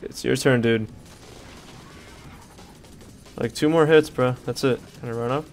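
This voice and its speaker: A young man giving crude, rambling commentary while playing a game, yelling at it when things go wrong. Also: medium pitch, steady tone, a little fast, faint music behind. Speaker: gaming streamer. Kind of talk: casual gameplay commentary.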